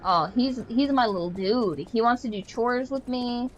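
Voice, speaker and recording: A woman's voice: a little high, normal speed, highs cut off, slight background noise. Chatty young woman streaming a game. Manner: chatty, rambling, full of "like" fillers; animated storyteller, playfully exasperated. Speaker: gaming streamer. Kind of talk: casual chat while playing a game.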